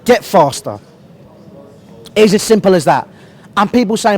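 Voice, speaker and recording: High, lively young British man ranting. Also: moderate pace. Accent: British English. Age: young adult. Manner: passionate, blunt, swearing, ranting. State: has a cold, voice cracking. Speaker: football fan reviewer. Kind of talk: heated fan rant to camera.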